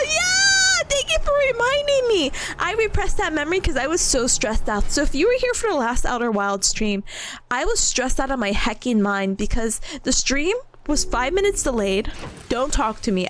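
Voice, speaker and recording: A woman's voice: high voice, slight background noise. A woman streamer chatting casually with her viewers, giggling and laughing often between sentences. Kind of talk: casual livestream chat.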